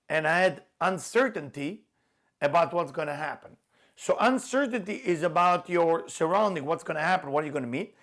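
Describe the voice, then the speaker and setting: A middle-aged man teaching a spiritual class, emphatic, repeating key words and stretching them out, with non-native phrasing. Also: fairly high pitch. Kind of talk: lecturing a class.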